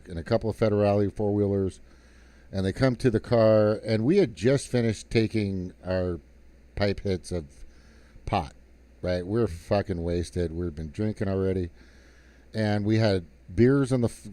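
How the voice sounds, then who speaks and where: Guy with a low mellow voice, swearing a lot, rambling heated rant, dry close mic. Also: unhurried, no room sound. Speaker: live stream guest. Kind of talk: casual storytelling and political rant.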